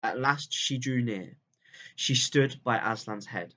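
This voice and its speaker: A male teacher reading a chapter of a children's book aloud in a calm, steady storytelling voice that drops low at the ends of sentences. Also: slow pace.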